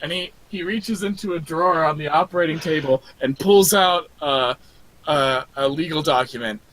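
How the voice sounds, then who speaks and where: A man narrating as game master in a tabletop game, animated and laughing often. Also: on the high side, normal speed.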